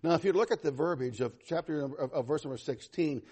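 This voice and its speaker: A pastor delivering a sermon in a high, husky man's voice. He is animated and conversational, swinging from loud, raised passages to quiet ones and slipping in self-deprecating humor. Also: quick pace.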